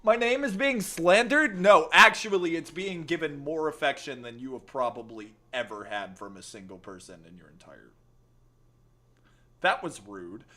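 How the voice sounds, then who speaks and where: Here a man plays games on stream and jokes around with chat in a teasing way. He slips in and out of a playful put-on accent. His medium-pitched voice sounds pushed and bright, delivered at a moderate pace.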